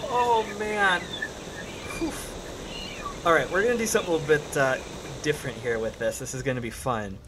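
A man's voice: mid-range voice, big pitch swings, racing, few pauses, background noise. A man running a tabletop horror game as game master, upbeat and patiently explaining the rules.

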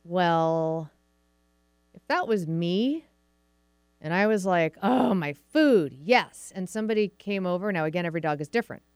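A middle-aged woman with a Pacific Northwest American accent hosts a dog show, chatting casually and slipping into little acted-out voices. Her voice is smooth and a touch low. It is recorded close and dry. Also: moderate pace, long pauses, a little mellow, no room sound. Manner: chatty, acts out quoted voices of dogs and owners. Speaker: podcast host, dog trainer. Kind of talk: casual explanatory talk.

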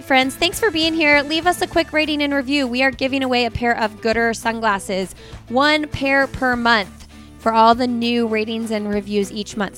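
A woman's voice: fairly high pitch, fairly bright tone. A woman hosting a podcast, chatty and upbeat as she introduces a guest and interviews her. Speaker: podcast host.

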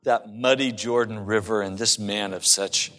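A man's voice: fairly low pitch, fairly even intonation, moderate pace, a bit bright, big-room sound. A male pastor preaching a sermon and telling stories with humor. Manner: storytelling with humor.

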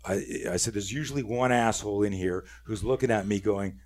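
A man's voice: lowish voice, a little fast. A middle-aged man telling a story in casual podcast chat, swearing freely, with lots of restarts. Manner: profane, animated storyteller with many restarts. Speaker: podcast guest, self-defense instructor.

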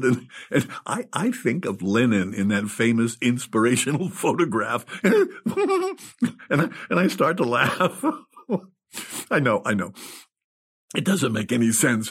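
A man's voice: medium pitch, slightly rough. A man telling a comic first-person story, giggly and stoned, keeps breaking into laughter.

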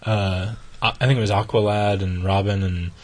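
A man's voice: fairly low pitch, steady tone, moderate pace, darkish tone. A man co-hosting a podcast, chatting casually and enthusiastically, rambling with restarts. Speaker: podcast co-host. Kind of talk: casual chat.

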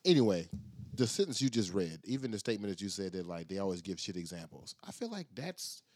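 Podcast co-host, man, lowish voice with lively swings in pitch, dry close sound. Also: quick pace, no echo. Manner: animated, laughs often, self-mocking. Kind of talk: casual chat.

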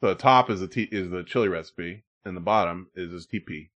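A man's voice: low-pitched, brisk, fairly bright tone, highs cut off. A man hosting a casual podcast, joking with co-hosts and reading listener emails aloud. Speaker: podcast host.

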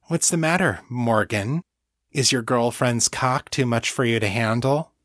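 A man's voice: mid-range voice, measured pace, a bit bright, no room sound, clean studio sound, natural voice. A man voicing an eager, breathless winged woman in an audiobook.

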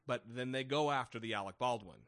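A man's voice: mid-range voice, a little fast, a bit bright, dry recording, studio quality. A man co-hosting a podcast in casual, opinionated chat, blunt, sarcastic and profane as he rants. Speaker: podcast co-host.

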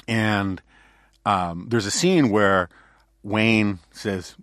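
A man's voice: fairly low pitch, very slow, pauses often, fairly bright tone, no echo, studio quality. A man hosting a podcast, telling rambling stories in casual chat with many fillers and restarts. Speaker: podcast host.

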